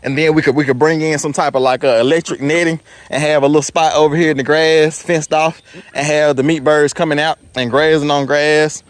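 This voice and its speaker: Rambling, relaxed man on a farm. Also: on the high side, fairly quick, no room sound. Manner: relaxed, rambling, many fillers. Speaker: farm vlogger. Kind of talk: casual walk-and-talk vlog. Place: small farm, outdoors then indoors in a house. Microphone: handheld camera.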